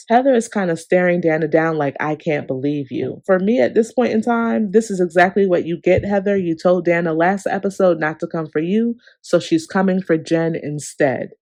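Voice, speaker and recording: A reviewer giving a casual, opinionated recap of a reality TV episode, talking straight to viewers with sassy asides and big animated pitch jumps. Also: dry recording.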